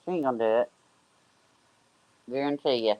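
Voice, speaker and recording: A man's voice: mid-range voice, moderate pace, muffled recording, crowd noise. A man hosting a live-stream panel in a soothing, reassuring way, calling people honey and baby.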